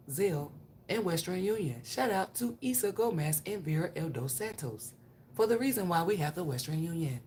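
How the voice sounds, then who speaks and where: A woman's voice: lowish voice, a little mellow, a little hiss or hum. A woman giving a casual tarot reading on a live stream. She is blunt, chatty and profane, and talks straight to her viewers. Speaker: tarot reader.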